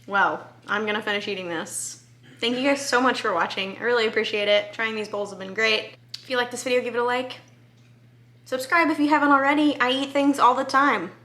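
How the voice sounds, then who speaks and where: A woman's voice: fairly high pitch, steady tone, brisk, pushed and bright. A woman food vlogger, bubbly and enthusiastic, giving a casual review of a dish at home in her kitchen.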